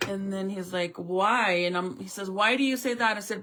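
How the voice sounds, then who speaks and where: Woman venting a storytime to camera, bright sharp voice, swears a lot. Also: mid-range voice, normal speed, slight background noise. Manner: animated, swears often, acts out both sides of the talk. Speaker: vlogger. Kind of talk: casual storytime rant.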